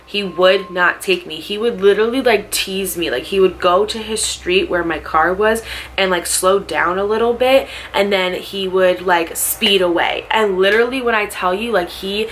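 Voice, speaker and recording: A woman's voice: medium pitch, moderate pace, fairly bright tone, a little hiss or hum. A young woman telling a personal story in a casual, emphatic way, saying "like" constantly. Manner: emphatic, heavy use of "like". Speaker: storyteller vlogger.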